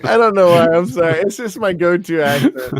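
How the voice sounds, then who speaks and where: A man from the Southern United States co-hosting a fantasy football podcast, talking in a brisk, playful way. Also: high-pitched, dry recording. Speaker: podcast co-host. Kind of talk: casual sports chat.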